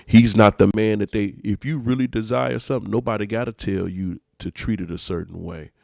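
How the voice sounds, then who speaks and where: A man's voice: fairly low pitch, steady tone, fairly quick, vocal fry, a little mellow, dry recording, clean studio sound. A man, a pastor hosting a podcast, preaching emphatically in casual talk and repeating his phrases.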